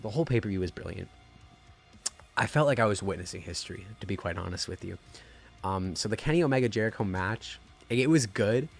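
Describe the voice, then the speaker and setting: A man with a deep, low-pitched voice rambles through a wrestling review. He talks in an excited, casual way and swears freely. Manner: profane, rambling, gushing.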